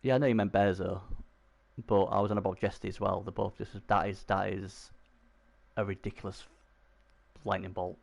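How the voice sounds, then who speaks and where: Gravelly-voiced man commentating a game stream. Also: deep voice, moderate pace. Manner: chatty, excitable, talks to chat.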